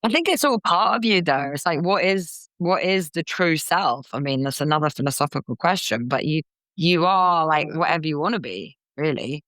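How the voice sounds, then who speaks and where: Animated woman comedian, dry close sound. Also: sits low, normal speed, no echo. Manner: animated, slips into character voices. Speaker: guest comedian and actor. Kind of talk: casual interview chat.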